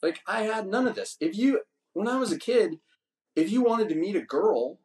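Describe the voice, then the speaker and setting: A man's voice: sits high, expressive, normal speed, a little mellow. A man in his fifties hosting a podcast, telling a long, crude, boastful story in casual chat. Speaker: podcast host.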